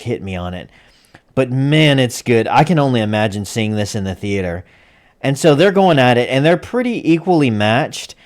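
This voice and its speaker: Man, casual anime recap, rambling, self-correcting, lively up-and-down pitch, mid-range voice.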